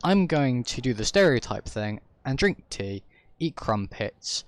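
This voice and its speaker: A man's voice: mid-range voice, sing-song, measured pace, no room sound. A man putting on a mocking voice of a man who boasts about being slightly English and acts out British stereotypes.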